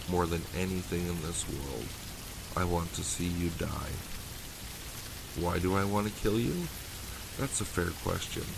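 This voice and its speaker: A very low male voice tells a horror story in the first person, calm and deliberately menacing. A steady hiss runs under the older home recording. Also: gravelly.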